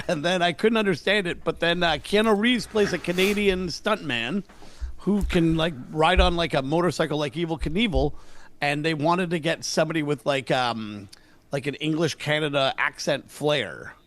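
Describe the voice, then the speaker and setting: A middle-aged man, a comedian guest, telling stories in a casual interview and acting out the dialogue with lively voices. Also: on the high side, normal speed. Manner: energetic, acts out dialogue with voices.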